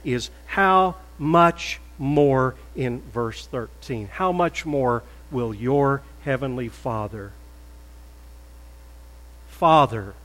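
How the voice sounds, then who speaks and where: A man preaching a sermon as a pastor, measured and deliberate, rising to loud emphatic peaks. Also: medium pitch. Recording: echoey hall with faint mains hum.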